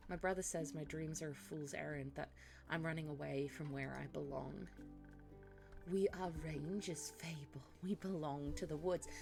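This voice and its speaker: A woman voicing a young female ranger who speaks softly and hesitantly in a cosy tavern role-play. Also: on the low side, gravelly. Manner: soft, hesitant and yearning.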